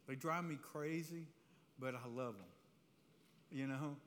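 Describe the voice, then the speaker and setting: A man preaching a testimony to a live audience in a church hall, telling his story in an animated, conversational way that keeps checking in with "right?". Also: medium pitch, unhurried. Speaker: speaker giving a testimony. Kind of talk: sermon-style testimony storytelling. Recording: reverberant hall, faint room noise.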